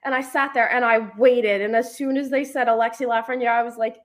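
A young woman co-hosting a casual podcast chat, telling animated stories and acting out what people said. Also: a little high, fairly quick. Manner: animated storyteller acting out quotes. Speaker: podcast co-host.

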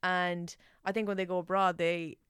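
A woman's voice: on the low side, little pitch movement, normal speed, a bit bright, clean tone, no room sound, clean studio sound. A young woman from Ireland with an Irish accent, telling stories chattily as a guest in a casual talk, laughing easily. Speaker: podcast guest. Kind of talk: casual chat.

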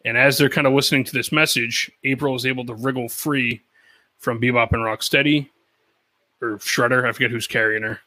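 A man co-hosting a podcast, recapping a cartoon episode in animated, casual storytelling with quoted lines and swearing. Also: mid-range voice, normal speed, no room sound, poor audio. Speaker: podcast co-host.

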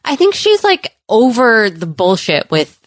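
A woman's voice: on the high side, huge pitch swings, measured pace, no echo. A woman co-hosting a podcast in casual, chatty conversation, often laughing. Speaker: podcast co-host. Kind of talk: casual chat.

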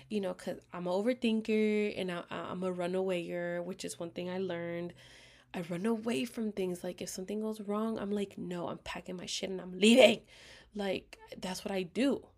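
A woman casually telling a personal story to her viewers, candid and expressive, swearing freely and slipping into half-whispers, with a dry throat she keeps clearing. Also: mid-range voice. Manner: talks in bursts, often drops to a half-whisper. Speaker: vlogger.

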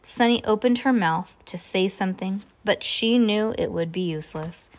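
A woman's voice: mid-range voice, moderate pace. A woman reading a novel aloud in a casual way, with small slips and asides. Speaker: reader.

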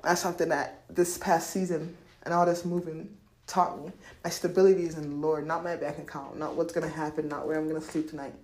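A woman's voice: low voice, flat delivery, fairly quick, a little mellow, echoey room. A woman hosting a podcast in casual spiritual talk about money, slangy and profane, laughing often and acting out voices. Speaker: podcast host.

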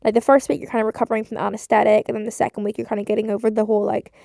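A young woman from Northern Ireland records a rambling podcast voice note on her phone from bed. She sounds drowsy from surgery, swears freely and leans on fillers. Her slightly high voice is gravelly yet mellow, and the recording sounds dry and close. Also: little pitch movement, racing, no echo. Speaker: podcast host. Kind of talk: casual voice-note chat. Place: bedroom, lying in bed.

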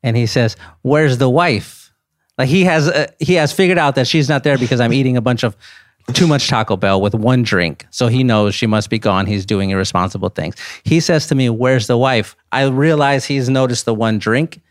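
A man in his thirties, a podcast guest, telling a casual story with animated rises into disbelief. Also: medium pitch, fairly quick, dry recording, studio quality.

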